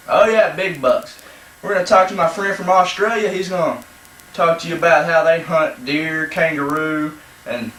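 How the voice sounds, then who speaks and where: A man's voice: fairly high pitch, a bit bright, close to an everyday voice. A man playing a boastful country deer-hunting pro in a comedy sketch, rambling with hammy emphasis. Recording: echoey room, mic far off.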